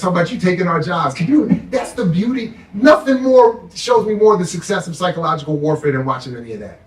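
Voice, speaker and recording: Fired-up man, high voice, roomy distant sound. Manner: fired-up, sarcastic, mocks the powerful in put-on voices. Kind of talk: impassioned political talk.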